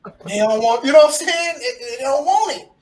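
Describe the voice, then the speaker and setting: Guy with a high voice getting real and fired up on a podcast, far from the mic, echoey. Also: animated, fairly quick, a little mellow. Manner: candid, emphatic, gets worked up. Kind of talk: casual podcast discussion. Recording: roomy, distant mic with faint noise.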